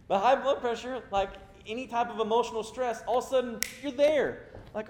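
A man's voice: lively intonation, a little fast. A middle-aged man preaching a sermon, telling stories with self-mocking asides. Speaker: pastor. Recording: echoey room with faint rumble.

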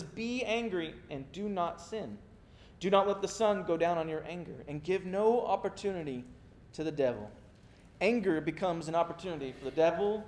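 A middle-aged man preaching a sermon, telling stories with self-mocking asides. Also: a little mellow. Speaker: pastor. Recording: echoey room with faint rumble.

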